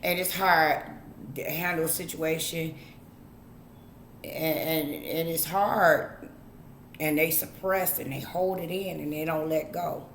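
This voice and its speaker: A woman speaks in a low, unhurried drawl, lecturing her audience bluntly and swearing freely. Her voice rings in an echoey room with a faint hiss behind it. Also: steady tone. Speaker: vlogger. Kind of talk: casual monologue to camera.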